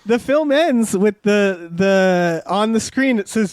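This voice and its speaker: A man with a high voice rants sarcastically while co-hosting a movie podcast. His tone is animated and exasperated, and the sound is dry and close with no room around it. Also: slow, few pauses, no room sound. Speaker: podcast co-host. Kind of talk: casual movie commentary.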